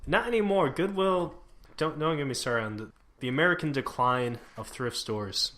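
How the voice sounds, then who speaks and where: A man's voice: fairly high pitch, expressive, normal speed, a bit bright. Young man tossing out wry jokes. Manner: wry, joking asides. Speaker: podcast co-host. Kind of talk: casual podcast chat.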